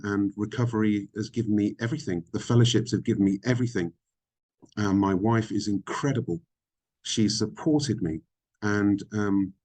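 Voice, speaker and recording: Low-voiced man, frank and halting. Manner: reflective, frank, halting with frequent ums. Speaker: podcast guest. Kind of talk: candid interview conversation.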